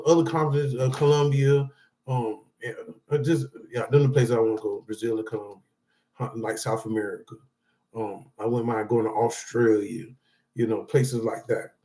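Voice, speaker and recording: A man with a fairly high speaking voice gives motivational advice indoors, reading from his notes. He rambles loosely and keeps checking in with his listeners. His tone stays casual and encouraging throughout. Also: darkish tone. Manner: loose and rambling, talks straight to viewers with frequent "all right?" and "okay?". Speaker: support group speaker.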